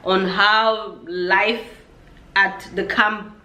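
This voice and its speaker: A woman vlogger telling a story in a lively storytime vlog, acting out her own reactions as she goes. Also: mid-range voice, extremely slow, echoey room.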